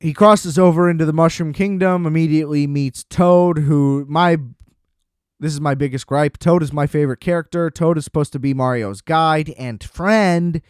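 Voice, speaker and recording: A man in his twenties hosting a podcast, giving a loose, animated movie review with casual swearing. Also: a little high, normal speed, clean tone, no room sound, clean studio sound. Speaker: podcast host.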